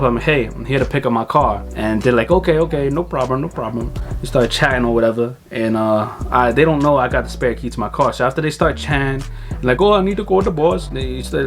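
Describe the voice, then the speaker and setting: A young man tells a long story in a loose, casual vlog style, cursing freely as he goes. He slips into quick little impressions of the people in the story, his pitch jumping up for their lines. Faint music plays quietly under his voice. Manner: animated, swears freely, acts out other people's lines. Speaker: car vlogger.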